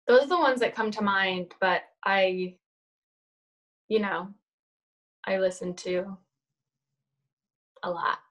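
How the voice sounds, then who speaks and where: A woman's voice: medium pitch, fairly bright tone. A woman, an actress and producer, talking reflectively as a podcast guest with many fillers. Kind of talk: casual interview chat.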